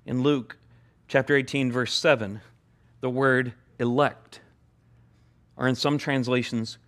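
A man's voice: medium pitch, measured pace, fairly bright tone. A male pastor preaching a sermon, repeating key phrases for emphasis.

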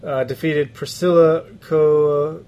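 A man's voice: fairly high pitch, steady tone, takes it slowly, dull audio. A man co-hosting a casual sports podcast, laughing often and giving blunt opinions with casual swearing. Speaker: podcast co-host.

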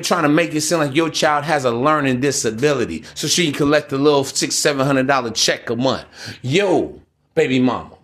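A man's voice: fairly high pitch, fairly bright tone. A man hosting a solo podcast, ranting in a blunt, preachy, profane way. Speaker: podcast host.

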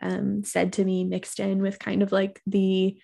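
A young woman with a gravelly edge to her voice talks earnestly about her writing. Her pitch stays level and even as she reads her poem in a soft, reflective voice. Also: unhurried. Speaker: poet guest. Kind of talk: conversational interview and poetry reading.

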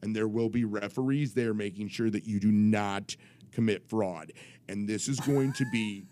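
A man co-hosting a podcast, telling a story in an animated, profane way with many restarts. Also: fairly low pitch, normal speed. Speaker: podcast co-host. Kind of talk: casual storytelling.

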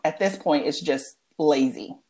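A woman's voice: low voice, a little slow, dark tone. A young adult woman in a casual chat with a friend, earnest and reflective, stretching words for emphasis.

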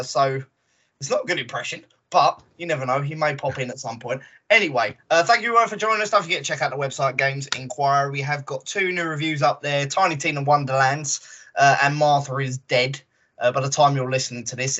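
A man hosting a casual gaming podcast, talking in a relaxed way with many fillers. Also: medium pitch. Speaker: podcast host. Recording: dull lo-fi audio.

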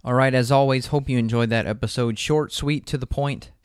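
A man's voice: mid-range voice, fairly even intonation, fairly quick, clean tone, dry recording, clean studio sound. A man co-hosting a health podcast, chatting casually and sharing personal anecdotes. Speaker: podcast co-host.

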